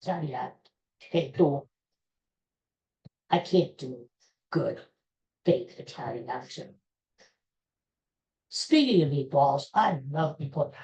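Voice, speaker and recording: Low, mellow-voiced woman chatting on a podcast. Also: lively intonation, slow pace, long pauses, poor audio. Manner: rambling, chatty, with frequent restarts and fillers. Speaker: podcast host. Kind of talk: casual solo podcast chat.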